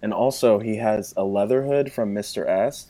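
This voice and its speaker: A man with a fairly low voice chats as a guest in a relaxed interview. He explains things at length and leans on conversational fillers as he goes. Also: moderate pace. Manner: chatty, explains at length with many "you know" fillers.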